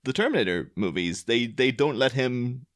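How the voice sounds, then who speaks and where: A man's voice: medium pitch, lively intonation, normal speed, a bit bright. A man co-hosting a podcast, talking in a chatty, rambling way full of fillers. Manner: chatty, rambling with many likes. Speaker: podcast co-host. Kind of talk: casual chat.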